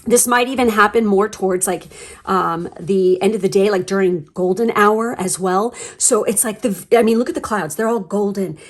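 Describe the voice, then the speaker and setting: A woman's voice: medium pitch, moderate pace. Gushing, chatty woman reading tarot. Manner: chatty, rambling, gushing with fillers and swearing. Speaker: tarot reader. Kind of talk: casual pick-a-card tarot reading.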